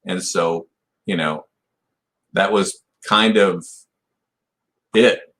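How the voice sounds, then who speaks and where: In a deep, fairly bright voice, a man in his sixties talks extremely slowly as a guest in a podcast interview. A martial arts black belt, he tells a long, rambling story, restarting often and filling gaps with "you know."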